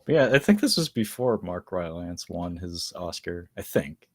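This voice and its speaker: A man's voice: deep voice, very animated, moderate pace. A man hosting a casual podcast chat, loose and joking, laughing often. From United States. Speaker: podcast host.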